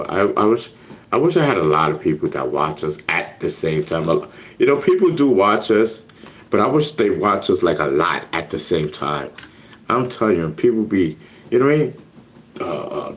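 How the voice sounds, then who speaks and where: A man's voice: low voice, a little hiss or hum. A man hosting a casual livestream with speech, rambling and often repeating "you know what I mean.". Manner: gets loud and shouty when worked up. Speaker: livestream host.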